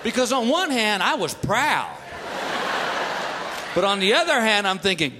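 A man working a stand-up crowd with lively family stories, his voice pitched high and swinging widely as he acts out his son and wife. It sounds like a live recording with a long hall reverb and loud noise behind him. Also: a little slow, long pauses. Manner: animated storytelling, acts out family members. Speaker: stand-up comedian. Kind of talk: stand-up comedy routine.

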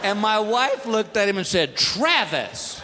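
A man performing a stand-up comedy routine, telling animated family stories and acting out his son and wife. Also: high-pitched, normal speed. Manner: animated storytelling, acts out family members. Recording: live hall recording with loud background noise.

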